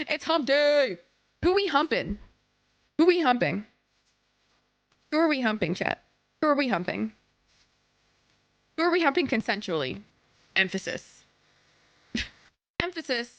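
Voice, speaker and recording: Bubbly high-voiced woman streamer, sniffly. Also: sing-song, a little slow, pauses often, no room sound. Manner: bubbly, apologetic, swears freely. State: sniffly from sinus trouble. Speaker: game streamer. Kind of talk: casual live-stream chat.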